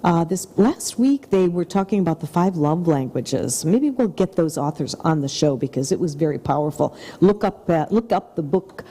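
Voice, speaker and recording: A woman's voice: lowish voice, lively intonation, moderate pace, few pauses, slightly rough, long reverb tail. A middle-aged woman co-hosting a talk show, speaking in an effusive, upbeat motivational way. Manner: effusive and upbeat, with soft whispered asides. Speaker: TV show co-host.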